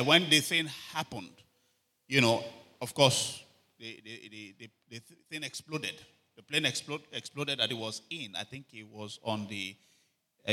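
A man preaching a sermon, telling animated stories and calling for amens. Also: medium pitch. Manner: animated storytelling, shouting quoted cries, frequent calls for amen. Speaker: pastor.

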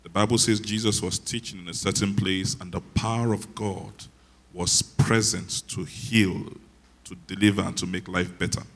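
Male pastor, very low voice, quiet conversational preaching, dry humor. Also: steady tone, moderate pace. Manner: soft-spoken, conversational teaching, self-deprecating humor. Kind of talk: sermon.

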